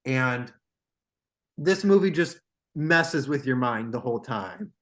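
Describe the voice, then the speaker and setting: Bright, excitable young man chatting. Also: mid-range voice, slow. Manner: excitable, jumps between topics. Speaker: podcast co-host. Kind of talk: casual chat about movies.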